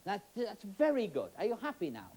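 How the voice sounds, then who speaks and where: A man's voice: sits high, wildly swooping pitch, a little fast, mellow. A middle-aged man with a Yorkshire accent, a stage magician chatting and joking with volunteers on a TV studio stage. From Yorkshire, England. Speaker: magician host. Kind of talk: stage magic patter with audience. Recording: old TV broadcast with faint hiss.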